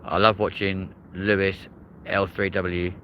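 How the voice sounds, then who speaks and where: A man's voice: low voice, level tone, measured pace, dull audio, slight background noise. A man hosting a live aviation stream outdoors by a runway, chatting casually with viewers and reading their comments. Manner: chatty, reads chat aloud, addresses viewers as mate and folks. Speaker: aviation livestream host.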